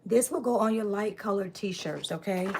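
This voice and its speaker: A chatty woman hosts a casual craft live stream from her home workspace. She talks loosely and warmly with viewers, greeting them by name and asking them to subscribe. A faint hiss sits under the phone recording. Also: medium pitch, normal speed. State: out of breath. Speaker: live-stream host making t-shirts.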